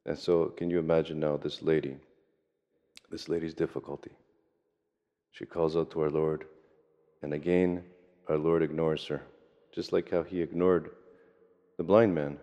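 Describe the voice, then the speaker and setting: A very deep, dark-toned man preaches a sermon as a monastic priest, keeping his pitch almost level and slowing down to stress key phrases. His voice carries a long church reverb, and the recording sounds dull and lo-fi. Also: little pitch movement.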